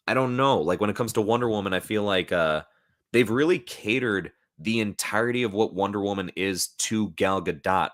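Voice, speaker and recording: A man with a very low voice talks loosely and at length on a casual live stream, swearing now and then. He reads out chat comments and answers them. He is recorded at home through a new streaming microphone. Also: fairly bright tone. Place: at home, in front of a laptop.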